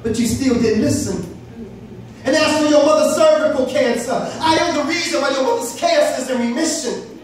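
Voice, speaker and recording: A man voicing a calm, fatherly God. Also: very high-pitched. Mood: admonishing. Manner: calm, admonishing, measured. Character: patient fatherly male God speaking. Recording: echoey hall from far off.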